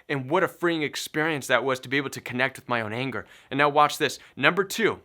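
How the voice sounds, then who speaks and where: Middle-aged male coach, bright tense tone, preachy and emphatic motivational delivery. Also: a little high, expressive, a little fast, hardly any pauses. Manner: emphatic, preachy, repeats key phrases. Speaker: recovery coach. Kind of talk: motivational self-help talk.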